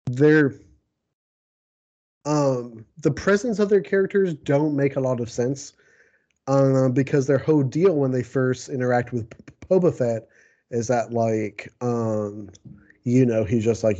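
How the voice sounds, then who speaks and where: A man talks casually on a podcast, rambling through his points and laughing under his breath. His voice is mellow and soft-edged, at an ordinary pitch. The recording sounds a little dull and lo-fi. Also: a little slow. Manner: rambling, chuckles often. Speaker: podcast co-host. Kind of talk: casual chat about a TV show.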